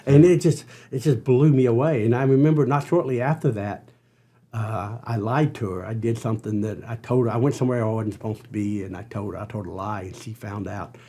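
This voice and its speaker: An older man, a podcast guest, telling an earnest personal story with halting restarts. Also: fairly low pitch, fairly even intonation, warm tone. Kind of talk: storytelling interview.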